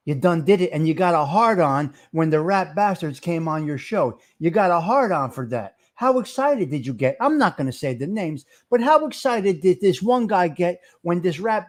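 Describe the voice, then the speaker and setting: A man hosting a casual livestream, talking loud, profane and fired-up. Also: high-pitched, big pitch swings, normal speed, few pauses. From Italian-American. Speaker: livestream host.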